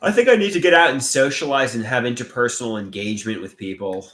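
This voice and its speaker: A man hosting a casual livestream and reading out chat comments. He talks haltingly, with restarts, and sounds frustrated and glum. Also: mid-range voice, expressive, fairly bright tone. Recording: echoey room.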